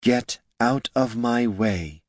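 A man's voice: on the high side, expressive, fast talker, no room sound, clean studio sound, voice pushed up, natural voice. A man voicing a fierce young female elf ranger who speaks in terse, demanding lines. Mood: tense, demanding.

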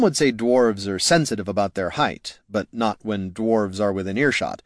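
A man narrating an audiobook in a wry, measured storytelling voice. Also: lowish voice, no room sound, studio quality.

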